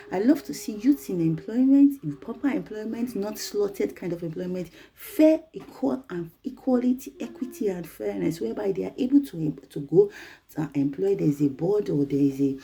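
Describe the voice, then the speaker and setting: A woman's voice: lowish voice, vocal fry, dark tone. A Nigerian woman giving a passionate opinion monologue, emphatic and rhetorical, with some pidgin mixed in. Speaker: advocate commentator.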